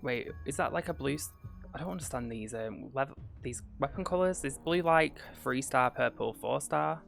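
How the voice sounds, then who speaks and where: A woman streaming a game with a low-pitched voice. She chats casually and pokes fun at herself between scenes. Game music plays clearly in the background. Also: normal speed. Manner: chatty, self-deprecating. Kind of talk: casual gameplay commentary.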